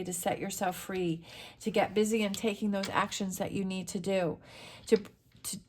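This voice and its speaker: A woman's voice: medium pitch, a little mellow. A woman reads tarot to her viewers in an earnest, motivational way. She is middle-aged and talks straight to camera. She urges her listeners on and repeats her key phrases for emphasis. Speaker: tarot reader. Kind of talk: encouraging tarot reading to camera.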